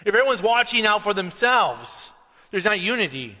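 A man's voice: high voice, big pitch swings, moderate pace, bright, forceful tone. A man preaching a conversational sermon, telling a story and then rising to emphatic questions. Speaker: pastor. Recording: reverberant hall.

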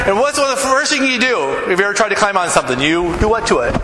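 A middle-aged man, a pastor, preaching a sermon in a church hall, animated, acting out little scenes and quizzing the congregation. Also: high voice, fast talker, slight background noise. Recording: echoey hall with long reverb.

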